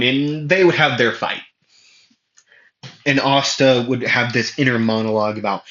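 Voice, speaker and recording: A man's voice: mid-range voice, moderate pace, a bit bright. A man casually telling an improvised fan story, rambling with lots of fillers and self-corrections. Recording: muffled lo-fi audio in an echoey room.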